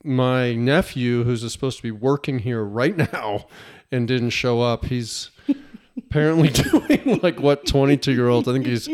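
A man hosting a podcast, interviewing a guest in a relaxed, encouraging way with lots of short affirmations. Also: medium pitch, a little slow. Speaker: podcast host. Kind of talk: casual interview conversation.

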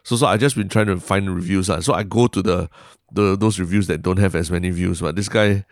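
A young man with a Singaporean English accent chats loosely on a podcast, his voice sitting very low. He rambles and restarts, dropping "lah" and "like" as he goes. The sound is close and dry. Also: fairly even intonation, fairly quick, no echo. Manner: rambling, self-interrupting, frequent "lah" and "like". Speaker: podcast co-host. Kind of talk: casual podcast chat.

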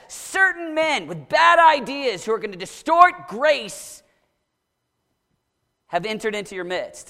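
A man preaching a sermon to a young crowd, dramatic, swinging from shouts down to low, intense murmurs. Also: in a large hall.

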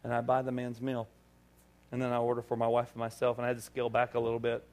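A male pastor preaching to his congregation, telling a story with lively, acted-out dialogue. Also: mid-range voice, fast talker. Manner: animated storytelling, acting out dialogue. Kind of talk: sermon. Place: church service.

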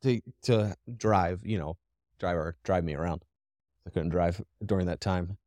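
A man's voice: sits low, unhurried, darkish tone, no room sound. A man co-hosting a podcast, talking casually and directly, rambling with frequent restarts. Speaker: podcast co-host. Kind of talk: casual conversation.

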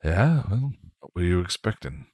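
Spike, a man doing a raspy, grumbling vampire. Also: low-pitched, sing-song, moderate pace, a little mellow, no echo, studio quality. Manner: grousing, sarcastic. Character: wounded, sardonic male vampire, grumbling.

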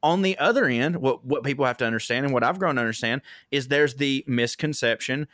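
A young man with a Southern drawl talks loosely in a casual podcast chat. He tells animated stories and swears freely, slipping into voices to act out what people said. His voice sits at a middle pitch, and the recording is close and dry. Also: a little fast, no echo. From American South. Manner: animated storyteller, swears freely, acts out quotes. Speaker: comedian guest.

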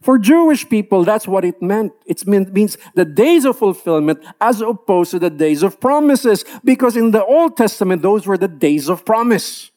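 A man's voice: high-pitched, lively intonation, normal speed, few pauses, a little mellow. A man preaching a sermon in a church. He talks earnestly and acts out the complaints of believers.

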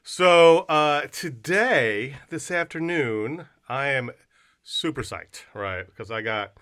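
A male podcast co-host with a bright, forceful voice, full of slang and hype. He banters casually with guests and keeps the energy high. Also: lively intonation, slow.

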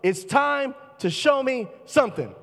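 A man preaching a sermon as pastor, fervent and shifting between loud bursts and quiet, low asides. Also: very animated, measured pace, creaky. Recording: long reverb of a large hall.

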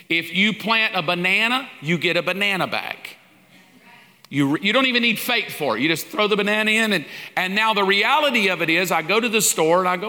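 A man's voice: high-pitched, animated, normal speed, sharp tone. A man preaching a sermon-style lesson in a folksy, humorous way, acting out little dialogues. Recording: long hall reverb.

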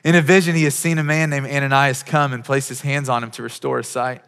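A man's voice: medium pitch, level tone, quick pace, a bit bright, clean tone, big-room sound. A man preaching a sermon as a pastor, telling stories with quoted dialogue and frequent restarts.

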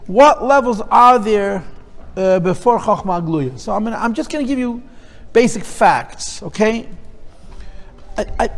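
A man's voice: sits high, long reverb tail. A male teacher giving a lesson on Chassidic texts. He explains step by step, repeats phrases and mixes in Hebrew and Yiddish terms.

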